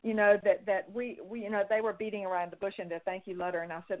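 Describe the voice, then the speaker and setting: A woman's voice: mid-range voice, lively intonation, fast talker, few pauses. Woman presenter, emphatic and chatty, heard over a tinny phone-like line. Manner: emphatic, conversational, many fillers and restarts. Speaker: fundraising consultant presenter. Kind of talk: webinar teaching.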